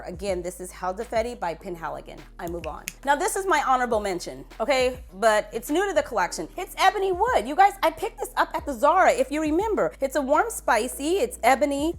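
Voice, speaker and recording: A woman in her thirties, a beauty vlogger, giving a playful, emphatic perfume review straight to camera. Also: a little high. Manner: animated, playful, emphatic repetition.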